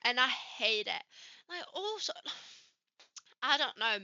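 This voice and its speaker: A woman's voice: high-pitched, very animated, takes it slowly, sharp tone, no room sound, highs cut off. A woman from Switzerland with a light Swiss French accent, co-hosting a casual chat and swearing freely as she acts out the people in her stories. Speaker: podcast co-host.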